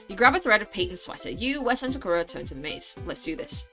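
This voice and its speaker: A young woman reading a mobile story game aloud, adding expressive, blunt commentary and swearing when annoyed. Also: medium pitch, quick pace, few pauses, faint music behind. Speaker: gaming channel host.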